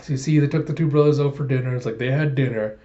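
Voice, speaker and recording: A man's voice: medium pitch, fairly even intonation, quick pace, warm tone, dull audio. A young man hosting a podcast, chatting and giggling as he recaps a manga chapter. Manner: chatty, giggly, retells scenes with quoted voices. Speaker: podcast host.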